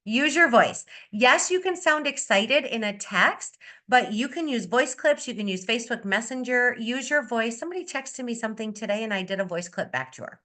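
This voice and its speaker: A woman beauty consultant giving an upbeat, energetic sales-training talk on a video call, repeating her key advice. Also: a little high, moderate pace. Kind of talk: coaching talk on a video meeting.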